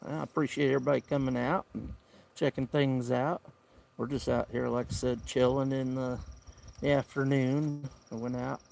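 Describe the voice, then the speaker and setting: A man's voice: medium pitch, flat delivery, moderate pace, gravelly, a little mellow, slight background noise. A man with a Southern US accent hosting a casual camping livestream outdoors, talking in an easygoing, rambling drawl. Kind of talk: casual live-stream chat. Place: outdoor campsite by the woods.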